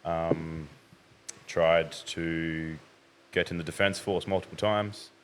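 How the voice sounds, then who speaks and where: A young man, a podcast guest talking through his recent past in a measured way, often hedging. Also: low voice, fairly even intonation, slight background noise. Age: young adult. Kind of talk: casual interview.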